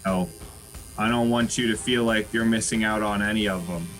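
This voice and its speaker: A man with a bright, clear-toned voice improvising as an easygoing tattoo artist. He agrees readily and fills gaps with "yeah" and "you know". Faint music runs underneath. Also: on the low side, fairly even intonation, normal speed, rough recording. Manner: friendly, accommodating, filler-heavy. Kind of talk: improv comedy scene.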